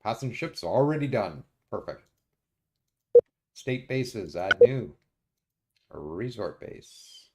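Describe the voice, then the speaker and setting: Gravelly man muttering through a strategy game. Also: fairly low pitch, very animated, very noisy. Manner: muttering to himself, halting with many uhs. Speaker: streamer playing a strategy game. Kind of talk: casual let's-play commentary.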